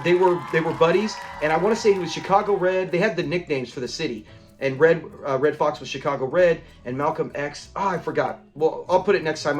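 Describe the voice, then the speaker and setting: Male reviewer, casual recap, acts out quotes; mid-high voice with soft music under. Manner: rambling retelling, acts out lines and laughs. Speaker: show reviewer.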